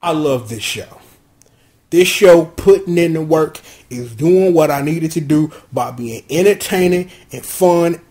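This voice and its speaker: A man with a high, bright-sounding speaking pitch talks through a TV episode on his own podcast. He slips into slang, jumps between excited bursts and low asides, and keeps a loose, animated commentary going. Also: measured pace. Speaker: podcast host reviewing a TV episode. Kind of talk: casual solo commentary.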